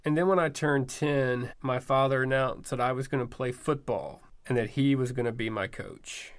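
A man's voice: medium pitch, moderate pace. A man telling a personal story in a wry, self-deprecating, conversational way, full of casual fillers. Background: music score.

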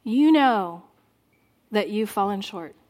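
A woman preaching a sermon in church, earnest and exhorting, dropping soft and low at times. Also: lively intonation, slow pace. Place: church sanctuary.

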